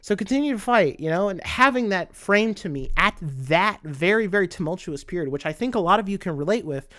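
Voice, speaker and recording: A man giving a casual spoken essay, earnest and emotional, retelling a story with animated energy. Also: sits high, fairly quick. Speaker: commentator.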